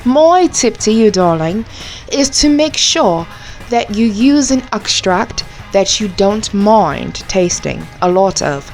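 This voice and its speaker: A woman's voice: medium pitch, big pitch swings, slow pace, soft background music. A woman putting on a posh British accent to give a baking tip, calling the listener darling. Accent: put-on British. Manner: affected, calls listener darling.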